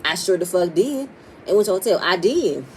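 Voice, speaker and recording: A woman's voice: fairly low pitch, big pitch swings, brisk, a little mellow, slight background noise, low-quality recording. A woman recapping a reality TV episode, talking bluntly and profanely and acting out what the cast said. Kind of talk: casual opinionated episode recap.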